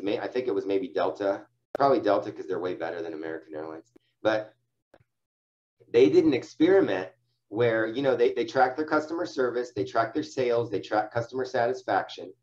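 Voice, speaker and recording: Heard through lo-fi sound, this medium-pitched man leads a sales team and gives his agents relaxed, supportive coaching on phone selling. He keeps restarting sentences and leans on fillers.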